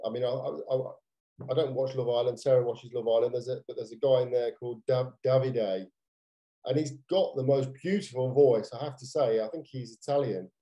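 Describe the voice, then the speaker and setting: Chatting casually as a podcast co-host, a British man rambles, restarting himself and leaning on fillers. He speaks briskly in a warm, mid-range voice with fairly even intonation, captured on a rough recording.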